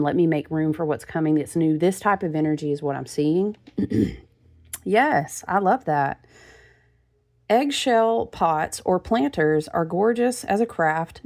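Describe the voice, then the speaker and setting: A woman's voice: lowish voice, vocal fry, darkish tone. A woman giving a casual spiritual card reading to her viewers, chatty and familiar, calling them friend and honey.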